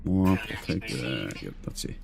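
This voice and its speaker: This man's voice is extremely low and creaky, with a sing-song lilt and a measured pace, heard over a noisy background. He's an Irish streamer casually narrating a space game, rambling to chat and to his in-game crew.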